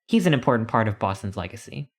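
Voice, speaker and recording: A man's voice: fairly low pitch, big pitch swings, fast. A man voicing a pompous old tour guide in colonial dress, read from a text adventure. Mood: proud lecturing. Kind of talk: reading a text adventure aloud.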